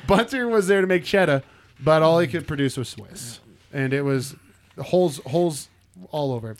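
A man's voice: fairly high pitch, animated, normal speed. A man hosting a casual comedy podcast, reading out a news story with jokes and laughter. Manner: playful, laughing, reads quotes in a put-on accent.

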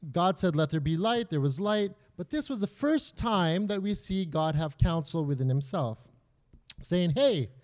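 A young adult man teaching a Bible lesson in a conversational way, often checking in with his listeners. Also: high-pitched.

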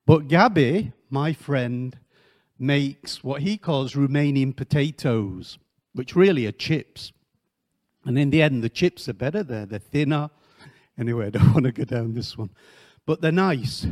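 A man preaching a sermon in church, animated, putting questions to the congregation and making joking asides. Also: mid-range voice, measured pace. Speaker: missionary preacher.

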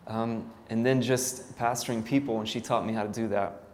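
A man in his thirties who leads worship talks to a church audience about his own story, relaxed and peppered with fillers and self-mocking remarks. His voice runs low and darkish, fairly even in intonation, at a normal speed. Reverb from the church hall and faint ambient noise are audible.

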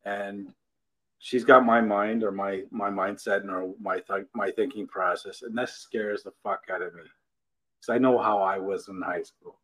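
Lowish voice guy on a podcast, joking around, teasing and laid back. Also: steady tone, a little slow, fairly bright tone, low-quality recording. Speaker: podcast guest. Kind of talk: casual chat.

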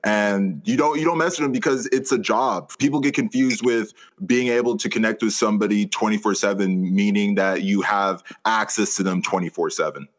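A man hosting a casual interview, relaxed and agreeable, stumbling over his words as he asks questions. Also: lowish voice, moderate pace, hardly any pauses. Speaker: interview host.

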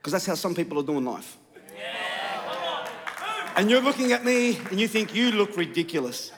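A man's voice: high voice, sing-song, moderate pace, a crowd in the background. A man, a pastor, preaching a sermon in a church with humorous, self-mocking storytelling. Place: church auditorium. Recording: long hall reverb.

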